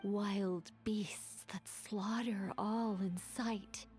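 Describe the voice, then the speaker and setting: A woman voicing an unseen oracle in whispered role-play, speaking grave prophecies very slowly. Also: mid-range voice, steady tone, a little mellow, faint music behind. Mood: ominous. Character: ominous unseen female oracle voice.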